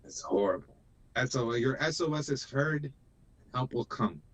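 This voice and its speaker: A man's voice: mid-range voice, animated, normal speed. A man in his thirties, born in Iran, chatting emotionally and laughing often on a live stream. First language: Persian. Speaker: co-host. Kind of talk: casual live-stream chat.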